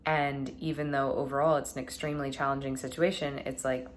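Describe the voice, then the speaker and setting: Low-voiced woman musing earnestly. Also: level tone, brisk, slight background noise. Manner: earnest, musing, many fillers like "like". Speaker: vlogger. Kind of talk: reflective personal talk to camera.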